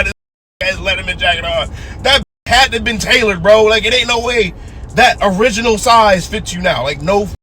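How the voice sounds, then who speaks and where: A man's voice: high voice, moderate pace. A man in his twenties telling a story in a casual, profane way, acting out the voices of the people he quotes. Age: 20s. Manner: animated, acts out quoted voices. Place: in a car. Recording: noisy car with traffic outside. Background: vehicle and street noise.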